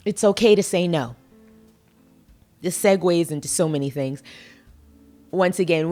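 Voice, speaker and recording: A woman's voice: medium pitch, darkish tone. A woman hosting her own podcast, talking to listeners in a playful, emphatic way and acting out little conversations. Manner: emphatic, playful, acts out dialogue. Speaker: podcast host. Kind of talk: casual solo podcast talk.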